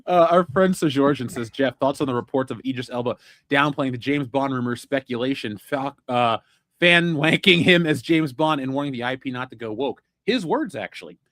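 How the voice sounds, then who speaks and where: A man's voice: mid-range voice, animated, normal speed, a bit bright, dry recording, studio quality. A man hosting a pop culture podcast, blunt and opinionated, cursing freely in casual chat. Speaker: podcast host.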